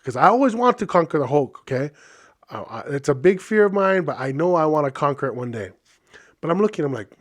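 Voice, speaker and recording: A man's voice: fairly high pitch, moderate pace. Chatty man telling a story. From Hawaii. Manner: chatty, animated, many fillers and asides. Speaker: podcast host. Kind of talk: casual storytelling.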